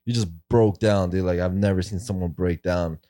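A man with a deep, warm voice talks casually and at length, tumbling through his story with constant fillers and frequent swearing. The sound is dry and close. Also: steady tone, normal speed, dry recording. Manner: rambling, fillers and profanity. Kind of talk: casual chat.

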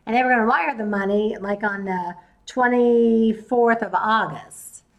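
The audio is dull, and the woman's slightly high voice unfolds at an unhurried pace. She's a podcast host and real estate investor chatting through a story, performing the different people in quoted voices as she recalls their exchanges.

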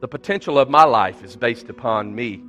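A pastor delivers a sermon in a church sanctuary with soft background music behind him. His medium-pitched, fairly bright voice is animated at a moderate pace, emphatic and repetitive, rising as he quotes people's pleas.

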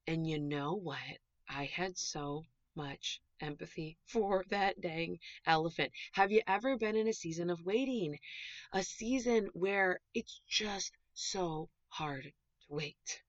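A woman hosting her own podcast as a dog trainer, chatty and animated, gushing as she talks in a casual way. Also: sits low, dry recording. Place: small closet recording space. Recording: dull, dry closet recording.

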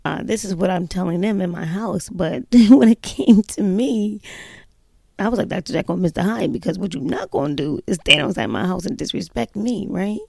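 A woman's voice: medium pitch, lively intonation, moderate pace, vocal fry, darkish tone, no room sound. A mother telling a personal story in casual, chatty style, emphatic and full of "you know" fillers.

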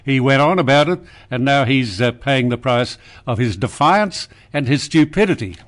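A man's voice: mid-range voice, lively intonation, close to an everyday voice. A man doing a dry, veteran Australian radio host. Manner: unhurried, dry, wry. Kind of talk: comedy radio sketch.

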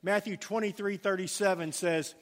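A man's voice: high voice, steady tone, moderate pace, big-room sound. A middle-aged man preaching a sermon, telling family stories in a folksy way with many fillers, in a church. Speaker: pastor.

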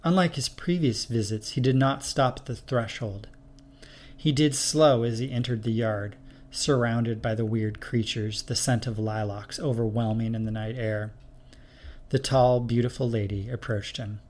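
A man's voice: mid-range voice, fairly even intonation, moderate pace, a little mellow, slight background noise. Man narrating a story steadily.

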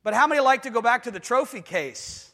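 An adult pastor preaches emphatically in a reverberant hall, his voice extremely high, expressive, brisk, and sharp. He keeps asking the congregation whether they follow him in call-and-response style and acts out quoted voices in dramatic bursts.

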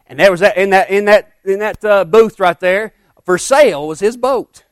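Male pastor, emphatic and repetitive sermon delivery, voice sits a little high. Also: moderate pace, clear, resonant tone, no room sound. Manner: repetitive, emphatic, punctuated with "Amen", swings from loud to hushed.

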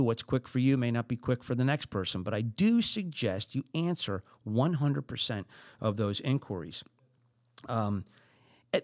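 A middle-aged man with a New Jersey accent hosting a podcast, giving business advice in an animated way with high emphatic bursts. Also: no echo, clean studio sound. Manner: animated, acts out exasperated quotes, rising into high emphatic bursts. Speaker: podcast host.

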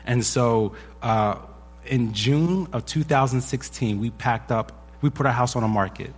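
Husky pastor telling his story. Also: mid-range voice, a little slow. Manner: storytelling, animated when quoting others. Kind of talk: sermon testimony. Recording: echoey hall with long reverb.

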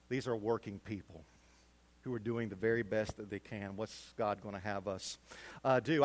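A middle-aged male pastor preaching a sermon, swinging from loud emphatic peaks to quiet low asides.

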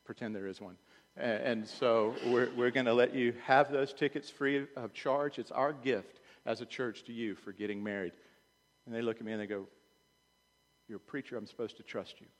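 Preacher guy, gets loud then drops quiet, long echo from the church hall. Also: mid-range voice, moderate pace. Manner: animated preaching, swings from loud urging to quiet. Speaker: pastor. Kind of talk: sermon. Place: church sanctuary.

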